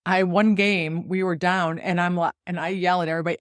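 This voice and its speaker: A middle-aged woman from the United States hosting a solo podcast, telling stories in an animated way and laughing often. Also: lowish voice, fairly quick, no echo, studio quality. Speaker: podcast host and golf coach.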